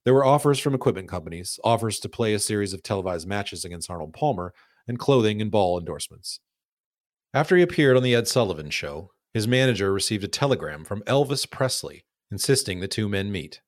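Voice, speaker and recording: A man narrating a scripted documentary podcast at a measured pace, reading quotes aloud in his own voice. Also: fairly low pitch, lively intonation, dry recording, studio quality.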